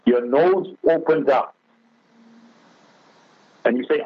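Man, husky voice, earnest religious exhortation, heard through a tinny phone line. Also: mid-range voice, a little slow, dry recording. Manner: earnest, exhorting, addresses the other speaker as Maulana; tells a moral story with quoted dialogue. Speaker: Islamic speaker on a radio talk show. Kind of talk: religious radio talk.

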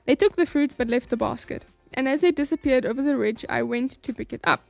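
A woman reading a book aloud in a calm, measured way, then giving her review of it. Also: high-pitched, gravelly, no room sound, soft background music.

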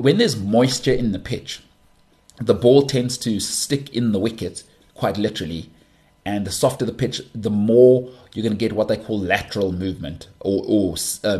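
A man from South Africa hosting a casual monologue, animated and full of banter, often restarting his sentences. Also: fairly low pitch, moderate pace. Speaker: podcast host.

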